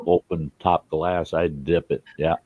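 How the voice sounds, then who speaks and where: A man's voice: sits low, a little slow, dry recording, phone-quality sound. A man hosting a casual livestream, chatting and joking while he eats, talking with his mouth full. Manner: jokey and chatty, lively. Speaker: show host.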